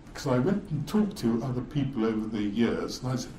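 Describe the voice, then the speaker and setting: A man's voice: mid-range voice, very animated, a little fast, warm tone, slight background noise. An older man, a former lawyer, telling stories in a wry, amused way as a guest speaker. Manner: wry, amused, chuckles through his stories. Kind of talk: anecdotal storytelling. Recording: roomy echo.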